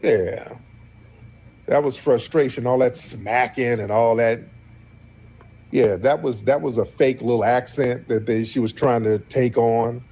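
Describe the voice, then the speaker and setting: Husky man hosting a blunt call-in show. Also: mid-range voice, fairly even intonation, unhurried, warm tone. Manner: blunt, mocking, questioning callers. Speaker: show host.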